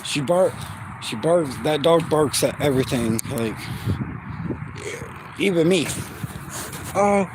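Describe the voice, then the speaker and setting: Slow, rambling man outdoors. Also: a little high, animated, noisy background. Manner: rambling, chatty, talks to his dogs. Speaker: vlogger. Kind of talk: casual walk-and-talk vlog. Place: outdoors in a yard. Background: dogs barking.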